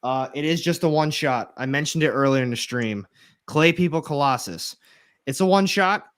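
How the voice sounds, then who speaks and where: A man co-hosting a comic book livestream, talking in a relaxed, chatty way with trailing fillers. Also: a little high, moderate pace, clear, resonant tone. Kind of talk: casual chat.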